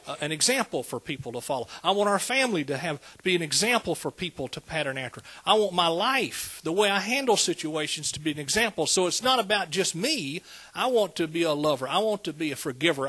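Husky preacher man. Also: on the high side, pushed and bright. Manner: preachy, conversational, calls out to the congregation. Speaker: pastor. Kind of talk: sermon.

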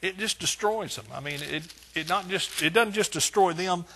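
A man's voice: sits high, normal speed, bright, forceful tone, slight background noise. A male pastor preaching a conversational sermon, asking his congregation rhetorical questions.

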